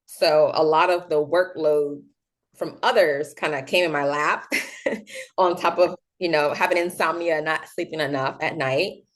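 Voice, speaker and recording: A woman's voice: low voice, measured pace. Chatty young woman telling her story. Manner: animated, acts out quoted voices, many fillers. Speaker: guest. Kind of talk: casual interview storytelling.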